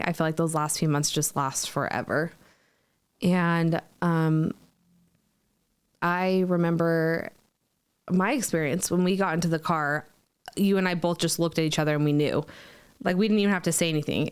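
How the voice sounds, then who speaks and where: A woman's voice: low voice, clear, resonant tone. A woman hosting a podcast, telling a personal story in an earnest, emotional, reflective way. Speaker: podcast host.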